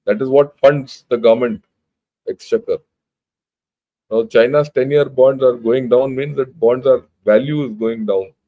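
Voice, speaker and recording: In an unhurried, steady, mid-range voice, an older man with an Indian English accent gives an informal lecture over a muffled recording. He's a retired army general, emphatic and blunt, leaning on rhetorical questions.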